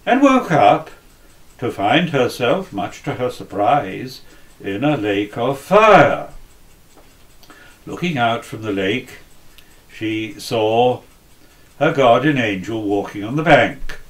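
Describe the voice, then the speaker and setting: Man preaching a sermon, slow storyteller vibe, voice rises and falls a lot. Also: medium pitch.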